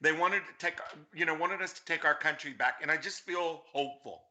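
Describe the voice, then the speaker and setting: A man's voice: a little high, a little fast, sharp tone. A man speaking as a political guest on a talk show, effusive and earnest.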